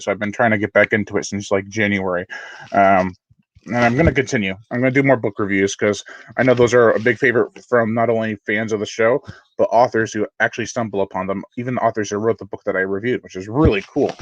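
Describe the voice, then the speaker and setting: A man's voice: fairly low pitch, slight background noise, poor audio. Rambling man hosting a live unboxing. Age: adult. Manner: rambling and self-deprecating, with chuckles and restarts. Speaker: horror channel host. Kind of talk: casual live unboxing chat.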